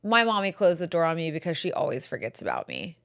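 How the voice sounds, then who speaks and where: A woman's voice: low-pitched, wildly swooping pitch, quick pace, gravelly, a bit bright, clear, resonant tone, exaggerated voice. A woman imitating her young daughter tattling about being forgotten. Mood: aggrieved. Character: sassy little girl tattling.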